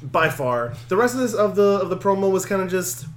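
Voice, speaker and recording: Animated man recapping casually. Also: high voice, slight background noise. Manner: animated, jokey, recaps events quickly. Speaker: podcast host. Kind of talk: casual wrestling recap chat.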